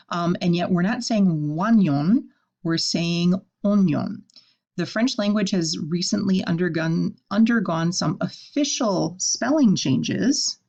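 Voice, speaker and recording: A woman teaching a French vocabulary lesson, saying each word slowly and then explaining it in casual English. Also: on the low side, a little mellow, highs cut off.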